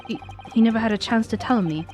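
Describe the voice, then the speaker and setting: A woman's voice: a little high, fast talker, a little mellow, soft background music, close to an everyday voice. A woman voicing an earnest, formal young woman who works as a legal assistant, reading game lines aloud.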